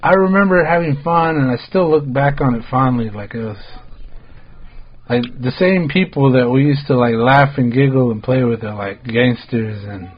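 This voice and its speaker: A man's voice: mid-range voice, normal speed, breathy edge, highs cut off. Laid-back American man telling stories. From United States. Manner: laid-back, rambling, heavy on "like" fillers and swearing. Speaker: podcast host. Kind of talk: casual storytelling chat.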